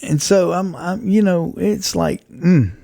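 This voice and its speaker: A man's voice: high voice, expressive, slow, creaky, warm tone, no room sound, studio quality. A man hosting a podcast, talking through his thoughts in a rambling, reflective way with frequent restarts. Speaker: podcast host. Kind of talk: casual faith-based podcast monologue.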